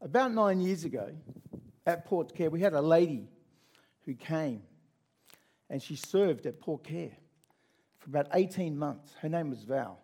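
A man preaching, retelling a story in a conversational, animated way with asides to listeners. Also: on the high side, unhurried, long pauses, slightly rough. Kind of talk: sermon storytelling.

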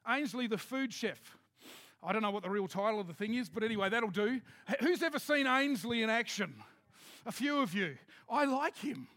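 A man preaching a sermon to his congregation in a lively, joking, conversational way. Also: high-pitched, normal speed. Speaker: pastor. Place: church hall with a congregation.

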